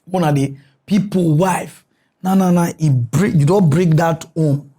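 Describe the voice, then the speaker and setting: A Nigerian man with a Nigerian accent giving animated, mocking comic commentary as a comedy news host. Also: unhurried, slightly rough. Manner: animated, mocking, switches pitch a lot.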